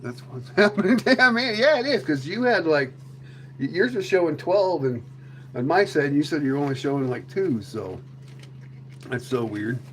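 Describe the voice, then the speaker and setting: A man's voice: a little high, animated, normal speed, a little hiss or hum. A man hosting a casual livestream chat, rambling and joking, often slipping into silly voices. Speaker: livestream host.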